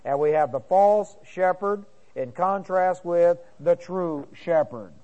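A man's voice: high voice, slow, dark tone, dull audio. A man as pastor teaching a sermon verse by verse, reading scripture aloud and breaking in with comments, with many fillers and restarts.

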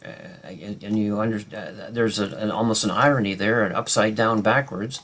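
A man's voice: lowish voice, steady tone, moderate pace, fairly bright tone. A man teaching a verse-by-verse Bible study, talking unscripted with many fillers and restarts, explaining Hebrew grammar and reading scripture aloud.

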